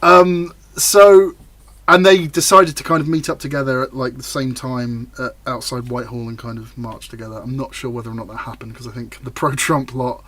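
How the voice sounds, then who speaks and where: Bright-voiced man, rambling chat. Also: mid-range voice, level tone, a little fast. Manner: rambling, many fillers and restarts. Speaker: podcast co-host. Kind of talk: casual political chat.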